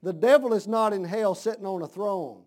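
Man, sermon, high voice, hushed then shouting. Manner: swings from hushed to shouting, drawn-out emphasis. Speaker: preacher.

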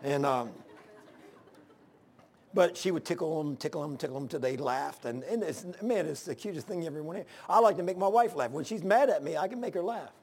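Folksy older man preaching, fairly high voice. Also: animated, a little fast, husky. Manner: folksy storytelling, bursts into loud exclamations. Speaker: pastor. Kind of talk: informal sermon.

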